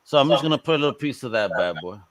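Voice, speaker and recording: A man's voice: mid-range voice, lively intonation, rapid-fire, a little hiss or hum, poor audio. Male host, casual interview chat, upbeat, joking, plain mid-range voice. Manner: upbeat, joking, laughs often. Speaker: podcast host.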